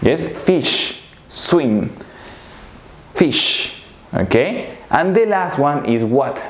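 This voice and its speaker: Slow, playful man teaching animal words. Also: fairly high pitch, sing-song, roomy sound. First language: Spanish. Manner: slow, repetitive, makes playful animal noises. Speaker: English teacher. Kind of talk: children's vocabulary lesson.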